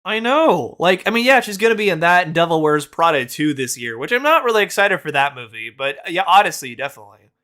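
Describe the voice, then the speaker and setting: A man's voice: on the high side, very animated, fast, sharp tone. A man hosting a casual reaction video, blunt and mocking, swearing and laughing often. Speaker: host.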